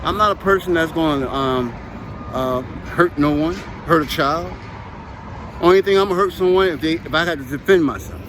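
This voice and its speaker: A man's voice: on the high side, moderate pace, background noise. A man chatting casually outdoors while out on a walk, rambling and emphatic and often repeating himself. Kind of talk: casual chat while walking.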